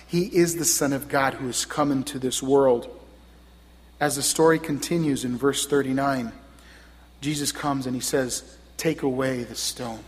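An earnest male preacher delivering a sermon, his slightly raised voice surging into loud, emphatic peaks. Long reverb trails after each phrase, as if he stands in a large hall. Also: fairly high pitch.

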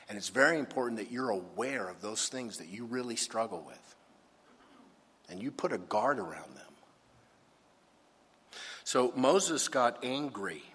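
A man's voice: on the low side, a bit bright. A man preaching a sermon as a pastor, emphatic and full of rhetorical questions. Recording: husky voice with long hall reverb.

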